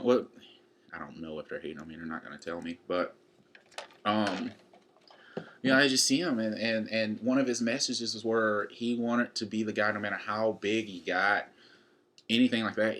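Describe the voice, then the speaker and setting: A man's voice: fairly low pitch, fairly bright tone. A young man in his twenties, chatting casually and rambling to camera in a fitness vlog. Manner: rambling and chatty, with many fillers. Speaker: college student vlogging a fitness challenge.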